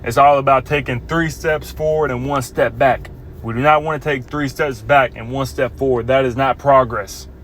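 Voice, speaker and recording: A man casually teaching scripture, earnest and halting, reading verses slowly and with emphasis. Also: medium pitch, steady tone, fairly bright tone, slight background noise. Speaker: bible teacher.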